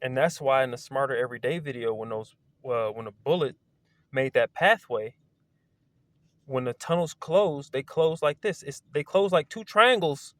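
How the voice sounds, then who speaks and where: A man in a casual, rambling monologue outdoors, excitable and wandering, swearing now and then. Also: medium pitch, moderate pace, no echo. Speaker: video creator. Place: outdoors among trees.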